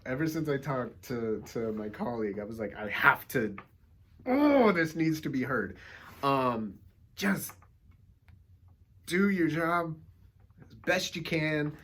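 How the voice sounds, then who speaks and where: A man vlogging casually, telling a story with lively acted-out quotes, laughing and swearing often. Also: on the high side, takes it slowly, long pauses, husky. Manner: swears casually, rambling asides. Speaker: actor and vlogger.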